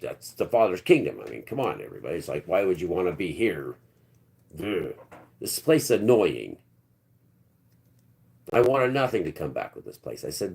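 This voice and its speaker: A man's voice: rumbling low, gravelly, darkish tone. A man hosting a live stream, telling a long personal story in a rambling, blunt, earthy way.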